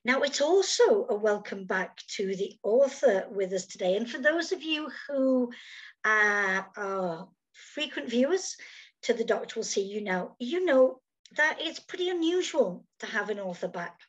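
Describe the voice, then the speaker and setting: A woman's voice: on the high side, animated, unhurried, dull audio. A woman hosting a casual interview over a video call, chatty and full of fillers, speaking from outdoors in summer. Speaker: host.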